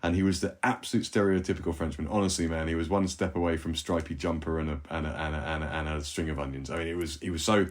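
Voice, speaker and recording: Fast-talking deep-voiced man. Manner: animated anecdote-teller, many restarts. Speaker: band member. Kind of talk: storytelling in a podcast chat.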